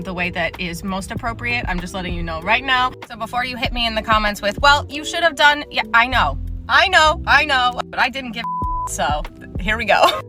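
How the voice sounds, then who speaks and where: A woman casually telling a retail story, sarcastic and exasperated, swearing freely. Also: medium pitch.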